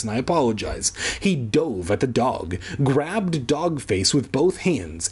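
A man's voice: lowish voice, a little mellow, slightly rough. A man casually reading a children's book aloud, breaking off for irreverent, swearing asides. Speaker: reader. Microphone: home recording, edited later.

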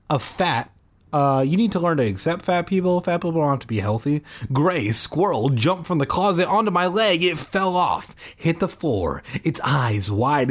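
A man reading a children's book aloud, cutting in with sarcastic jokes. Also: on the high side. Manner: sarcastic, jokey interruptions. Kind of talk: comedic book reading with asides.

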